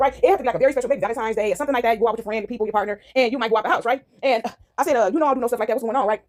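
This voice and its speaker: A woman ranting casually to her viewers from home into a phone, animated and rambling, tagging on "right?" and "y'all" constantly. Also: a little high, rapid-fire, hardly any pauses. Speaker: vlogger. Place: at home, indoors.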